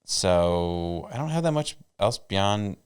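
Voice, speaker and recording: A man co-hosting a comedy podcast, giving his take in dry, teasing, unhurried casual chat. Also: sits low, animated, clear, resonant tone. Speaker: podcast co-host.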